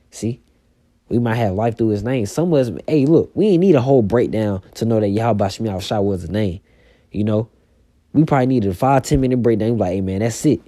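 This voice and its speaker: A man's voice: fairly low pitch, dark tone, no room sound. A man preaching casually and reading scripture aloud, with loose talk full of "you know" and "man".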